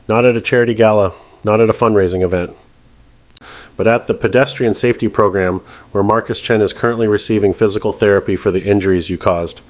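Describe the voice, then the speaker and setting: Man doing a calm, stern judge, low voice. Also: no echo, natural voice. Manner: calm, measured, precise delivery. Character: stern older male judge, calm and measured. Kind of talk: scripted narration.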